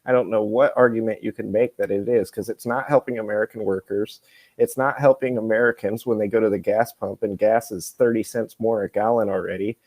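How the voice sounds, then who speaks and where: A man co-hosting a political talk show, speaking conversationally with frequent pauses. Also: fairly low pitch, steady tone, darkish tone, dry recording. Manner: conversational, with fillers. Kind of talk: political commentary.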